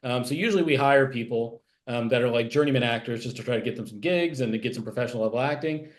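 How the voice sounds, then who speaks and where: A man's voice: medium pitch, fast. A man being interviewed about his writing work, talking in a rambling way, full of fillers and restarts. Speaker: TV animation writer, interview guest. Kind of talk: casual interview chat.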